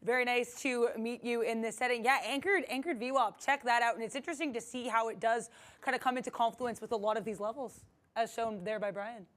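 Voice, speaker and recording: A woman's voice: a little high, steady tone, fairly quick, fairly bright tone. A woman co-hosting a market show, chatting in an earnest, agreeable way. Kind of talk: casual studio chat.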